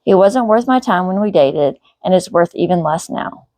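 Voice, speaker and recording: A woman author reads her novel aloud in a steady, even first-person narration. Her voice sits low, and the recording is dry and close with no room sound. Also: moderate pace, no echo.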